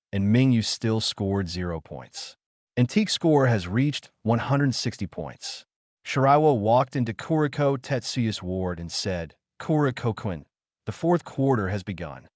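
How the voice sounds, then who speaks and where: A male audiobook narrator reads a web novel in a low voice whose pitch rises and falls a lot. The sound is dry and close, with no room around it. He keeps one voice for narration and dialogue and pauses unevenly. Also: no echo. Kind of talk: flat read-aloud novel narration.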